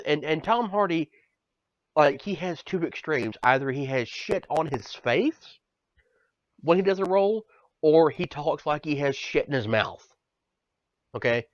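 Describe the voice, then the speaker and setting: A man's voice: a little high, expressive, unhurried, pauses often, no room sound. A man co-hosting a podcast in casual banter, ranting with profanity and stammering repeats. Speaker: podcast co-host. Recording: dull lo-fi sound, dry.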